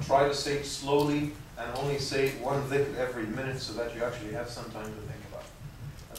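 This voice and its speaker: A man, an imam, giving a conversational religious lecture and answering audience questions, often restarting and repeating words. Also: medium pitch. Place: university lecture room. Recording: echoey room from far off, faint noise.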